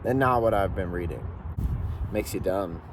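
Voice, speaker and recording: A man's voice: deep voice, moderate pace, a little hiss or hum. A young man vlogging while hiking outdoors, chatting casually in a rambling, joking, candid way into a phone camera.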